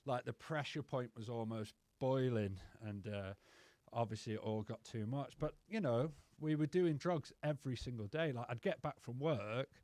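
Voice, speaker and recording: A man's voice: medium pitch, normal speed, few pauses, darkish tone, dry recording. A man telling rambling, sweary personal stories as a podcast guest. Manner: rambling, sweary, says "mate" constantly. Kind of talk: casual storytelling.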